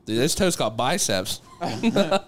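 A man co-hosting a podcast in casual chat at home, joking, swearing and breaking into loud laughter. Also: fairly high pitch, sing-song, slow pace. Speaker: podcast co-host. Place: home living room. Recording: heavy background noise.

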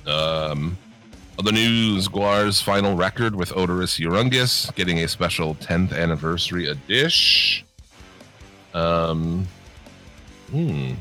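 Bright-voiced, low-pitched man swearing in casual chat. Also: lively intonation, slow, soft background music. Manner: rambling, swears a lot, many fillers. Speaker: podcast co-host.

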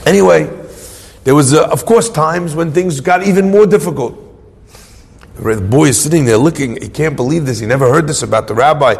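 A man telling a religious story in a sermon, moving between hushed and emphatic delivery, recorded in a reverberant hall. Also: a little high, brisk, creaky, slightly rough.

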